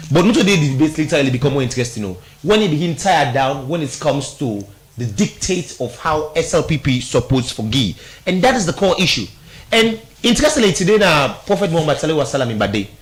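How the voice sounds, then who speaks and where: A man with a Sierra Leonean Krio-inflected accent, giving political analysis on a radio talk show, emphatic and mixing Krio with English. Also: on the high side.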